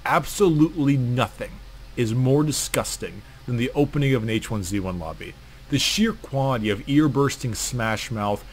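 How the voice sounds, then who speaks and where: A man telling a comedic gaming story in a crude, sarcastic way, heavy on profanity. His voice sits at an ordinary middle pitch, neither high nor low. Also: slight background noise. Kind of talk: comedic story narration about an online game.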